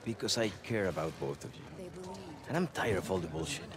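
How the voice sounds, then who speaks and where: A low, teasing Mexican-American soldier. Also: male voice, lively intonation, fairly quick, noisy background. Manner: teasing, coaxing, mixes in Spanish. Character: easygoing young male soldier, loyal friend.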